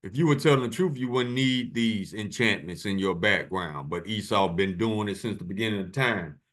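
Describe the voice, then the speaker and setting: A man's voice: on the low side, lively intonation, moderate pace, fairly bright tone. A man hosting his channel, giving a preachy commentary over video clips in a casual, emphatic way and hammering on key words. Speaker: channel host.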